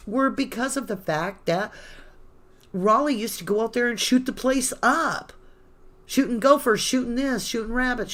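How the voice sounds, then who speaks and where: A woman hosting a true-crime channel, reading court papers aloud live and breaking off into sarcastic, indignant asides. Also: medium pitch. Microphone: phone.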